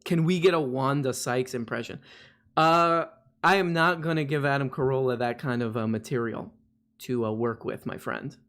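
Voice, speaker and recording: A man's voice: medium pitch, moderate pace, a bit bright. Rambling man hosting a live stream. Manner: rambling, laughing, self-mocking. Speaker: streamer host. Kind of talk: casual live-stream chat.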